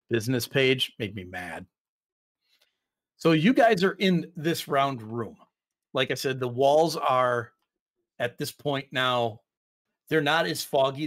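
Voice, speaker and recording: A man's voice: medium pitch, a bit bright. A man running a tabletop game as game master, narrating casually with fillers and restarts.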